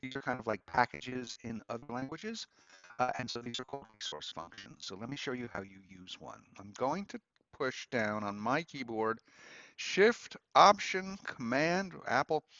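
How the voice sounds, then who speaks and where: Guy professor walking through stuff on his computer, lots of ums, pitch jumps around a lot, kinda dull dry sound. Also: unhurried, no room sound. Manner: relaxed, conversational, with frequent ums and asides. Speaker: law professor teaching a course. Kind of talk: screen-recorded lecture.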